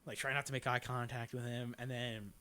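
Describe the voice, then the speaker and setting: A man's voice: mid-range voice, flat delivery, a little fast, pushed and bright, clear, resonant tone. A young man, a podcast guest, telling a story in casual chat, rambling and full of "like" and swearing. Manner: rambling, lots of "like", swears freely.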